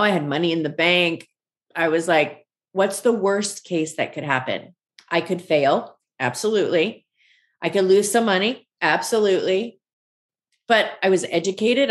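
Forties woman guest, lowish voice, animated storyteller who acts out quotes. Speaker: guest, ice cream shop founder. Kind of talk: conversational storytelling.

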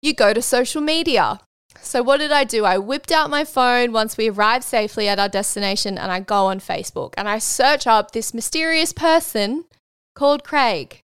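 Australian woman, 20s, podcast host; candid, lively storytelling with swearing; slightly high, smooth voice, dry close recording. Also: moderate pace, no room sound. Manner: frank, animated, swears freely. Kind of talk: casual storytelling monologue.

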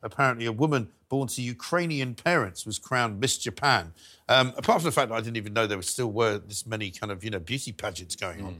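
A middle-aged man hosts a casual studio chat, telling anecdotes quickly. His voice has a bright, forceful edge. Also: on the low side. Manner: anecdotal, chatty. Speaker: talk show host.

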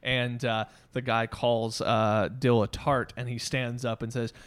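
A man's voice: mid-range voice, level tone, a little slow, fairly bright tone, clear, resonant tone. A man talking casually and enthusiastically about a movie with friends, with many fillers and restarts. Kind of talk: casual film discussion.

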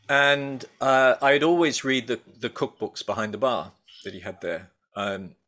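A middle-aged man with a bright, forceful tone tells stories in a loose, rambling way. He talks at an ordinary middle pitch and keeps stopping to restart his sentences. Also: unhurried. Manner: rambling, hesitant, many restarts and fillers. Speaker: guest, baker and food writer. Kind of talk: casual conversational interview.

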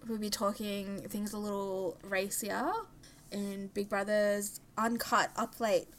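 A woman with a high, girlish voice co-hosts a casual podcast chat. She talks in a chatty way and laughs between quick asides. A faint hum sits under the recording. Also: level tone. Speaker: podcast co-host.

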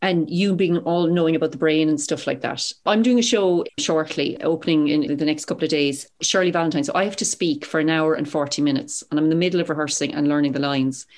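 A middle-aged Irish woman chats as a podcast guest, words tumbling out at a rapid clip. Her voice sits fairly low for a woman, and she talks in a lively, chatty way. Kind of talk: casual chat.

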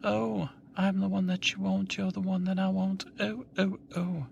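A man voicing a flirty Australian woman in role-play, crooning in a breathy falsetto. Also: flat delivery, normal speed, muffled recording, a little hiss or hum.

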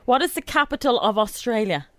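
A woman's voice: animated, brisk, fairly bright tone, dry recording. A young woman presenting a radio quiz bit, nervous and gasping as she reads out questions. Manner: nervous, gasping, high-strung.

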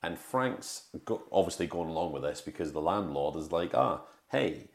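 A man co-hosts a film podcast, recounting the plot in casual chat full of fillers and self-corrections. He has a bass voice and moderate pace, recorded with a roomy echo.

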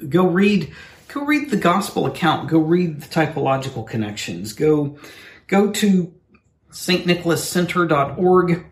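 A man's voice: on the high side, very animated, measured pace. Man co-hosting a faith podcast, echoey room. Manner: playful, joking asides. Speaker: podcast co-host. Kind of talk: casual faith chat. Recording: roomy echo, faint room noise.

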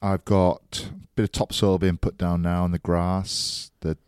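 Very deep-voiced relaxed man chatting. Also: measured pace, clean tone, dry recording, clean studio sound. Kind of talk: casual podcast chat.

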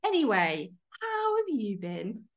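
A woman, co-hosting a podcast and telling a story in a lively, casual way, acting out quoted lines. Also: on the high side, takes it slowly. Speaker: podcast co-host.

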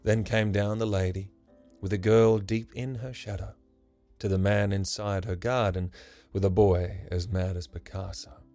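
Guy reading a rhyming story, slow and lyrical, gravelly low voice. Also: fairly even intonation, mellow. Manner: measured, lyrical. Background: faint music.

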